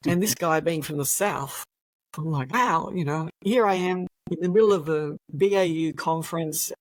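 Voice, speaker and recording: A woman's voice: deep voice, moderate pace, darkish tone, no echo, low-quality recording. An older woman with an Australian accent, a retired police officer telling anecdotes as a guest, chatty and laughing often.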